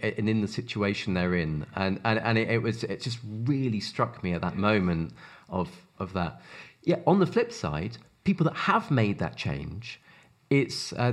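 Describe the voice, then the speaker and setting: A man with a South African accent talks earnestly about his charity work, his voice sitting low. He is animated and keeps repeating words as he restarts his sentences. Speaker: charity worker. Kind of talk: earnest conversational interview talk.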